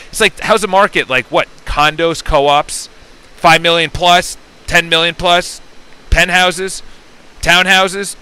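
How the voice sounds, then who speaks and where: A man's voice: on the high side, bright, forceful tone, clear, resonant tone, low-quality recording. A man in a rambling, unscripted motivational monologue. He keeps restarting sentences and acts out quoted dialogue in shifting voices. He is a real estate agent speaking through a headset into a phone, likely from inside a parked car. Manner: rambling, with self-interruptions and restarts. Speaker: real estate agent and self-development vlogger.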